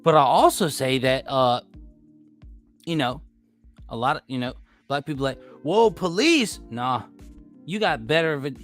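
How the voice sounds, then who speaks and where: A man's voice: medium pitch, normal speed, pauses often, fairly bright tone, soft background music. An American man ranting to his viewers in a heated, profane way, repeating himself and arguing back at chat. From United States. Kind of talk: heated casual rant.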